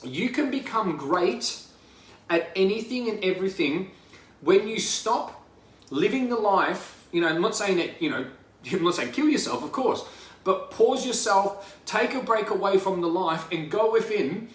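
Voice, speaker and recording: A man's voice: high voice, lively intonation, a little slow, fairly bright tone. An Australian man giving a rambling, profane motivational talk as a life coach. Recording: roomy echo from a distance.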